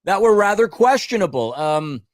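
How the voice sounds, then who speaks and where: A man's voice: sits high, very animated, moderate pace, no room sound, studio quality. A man co-hosting a casual sports podcast, rambling and ranting, often stumbling over his words. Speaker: podcast co-host.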